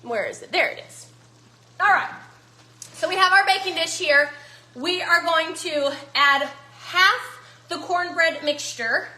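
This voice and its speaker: A cooking vlogger with a high-pitched, sharp voice chats casually to viewers while cooking in her home kitchen, folksy and addressing them as y'all. The room is echoey.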